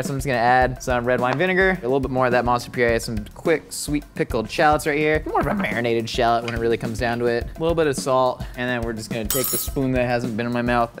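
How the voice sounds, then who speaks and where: Hosting a cooking show in a studio kitchen, this young Southern Californian from Orange County has a Southern Californian accent and a mid-range, somewhat bright voice. His style is goofy and meandering, and he makes fun of himself and laughs at his own puns.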